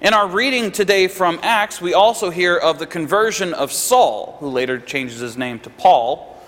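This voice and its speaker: Bright-voiced preacher in a reverberant hall. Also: male voice, sits high, animated, normal speed. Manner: conversational, asks listeners "right?". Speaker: pastor. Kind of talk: sermon.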